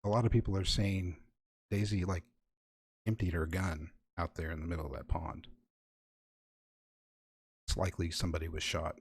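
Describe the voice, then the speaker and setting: A man's voice: sits low, fairly even intonation, moderate pace, long pauses, breathy edge. A man narrating as game master of a tabletop horror game, improvising scenes with wry, playful asides.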